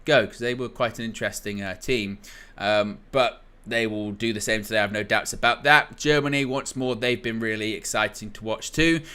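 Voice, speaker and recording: A man's voice: lowish voice, steady tone, moderate pace, few pauses, sharp tone, smooth. A young man hosting a football watchalong stream, chatting casually and reading out viewer comments with a joking manner. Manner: chatty, jokey, reads chat comments aloud. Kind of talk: casual live-stream chat.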